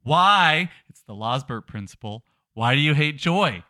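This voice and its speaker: A man's voice: mid-range voice, animated, moderate pace, sharp tone, dry recording, clean studio sound. A young adult man co-hosting a podcast in casual chat, wry and playfully indignant. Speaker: podcast co-host.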